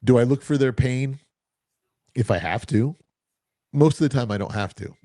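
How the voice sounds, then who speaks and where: A man co-hosting a casual chat, telling self-assured, animated stories about selling. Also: medium pitch, moderate pace, no room sound, studio quality. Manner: animated, anecdotal, self-assured salesman talk. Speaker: co-host.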